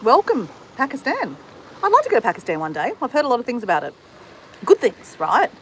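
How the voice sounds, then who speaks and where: A woman's voice: on the high side, wildly swooping pitch, a little fast, a bit bright, a little hiss or hum, poor audio. A woman from Australia with an Australian accent, chatting casually with viewers on a livestream, greeting them and answering their comments. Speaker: livestream host. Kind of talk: casual live chat with viewers. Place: outdoors in the sun.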